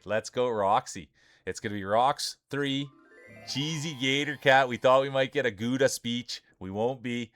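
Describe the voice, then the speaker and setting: A man streaming live commentary on a marble race, with energetic, joking hype-man banter. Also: medium pitch.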